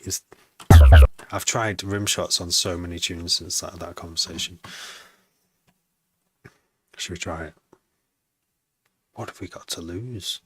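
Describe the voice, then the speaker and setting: A man's voice: low voice, fairly even intonation, takes it slowly, pauses often, bright, forceful tone, breathy edge, dry recording. A man with a slight Wrexham accent, talking to himself while producing music, musing aloud with wry asides and many restarts. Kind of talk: casual self-talk while making music.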